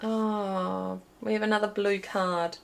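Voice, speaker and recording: A woman's voice: mid-range voice, little pitch movement, takes it slowly, creaky, noisy background. A woman giving a pick-a-card reading to viewers, chatty and thinking aloud as she pulls cards while filming herself. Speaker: intuitive card reader. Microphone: filming herself while watching a small screen.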